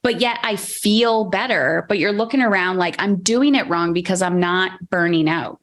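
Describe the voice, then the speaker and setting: A woman hosts a relaxed podcast conversation and talks in a lively, expressive way. She keeps slipping into quoted inner voices as she makes her points. Her voice sits at a middle pitch for a woman. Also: normal speed. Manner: animated, acts out her own inner voice. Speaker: podcast host. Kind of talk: casual interview chat.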